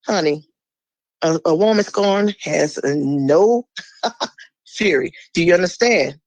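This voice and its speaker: A woman speaking as a guest in a podcast conversation, blunt and fiery. She swears freely and drops suddenly into a low, slow voice for emphasis. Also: animated, dry recording, low-quality recording.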